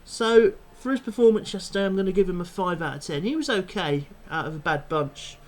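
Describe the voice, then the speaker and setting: A young man's voice sits high and sounds animated as he fires off a fairly quick, furious rant following a football match. He's a fan vlogger who curses freely and doesn't soften anything.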